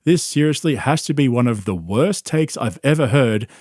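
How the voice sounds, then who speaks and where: A man's voice: medium pitch, expressive, normal speed, a little mellow, no room sound, clean studio sound. A man narrating a mocking commentary on podcast clips, in a sarcastic tone. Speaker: commentary channel host.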